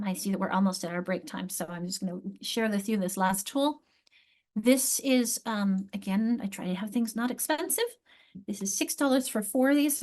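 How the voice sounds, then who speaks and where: A woman's voice: mid-range voice, a little mellow. A middle-aged woman giving a teacher training presentation, explaining literacy steps aloud and often correcting herself. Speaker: literacy instructor.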